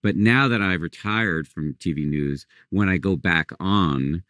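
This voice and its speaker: A man's voice: sits low, a little slow, a bit bright, no echo. A middle-aged man hosting a podcast interview, wry and self-deprecating. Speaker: podcast host. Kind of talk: conversational interview.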